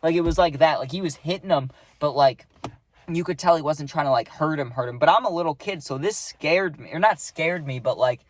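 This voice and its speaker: Young dude rambling thru a storytime, kinda high voice, dry close sound, lots of likes. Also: male voice, brisk, no echo. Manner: rambling, filler-heavy, acts out the scene. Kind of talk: casual storytime.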